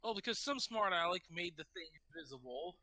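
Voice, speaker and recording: Man, player, wry quick remarks, very bright tone, dry close sound. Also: high voice, expressive, no room sound. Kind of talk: casual tabletop play.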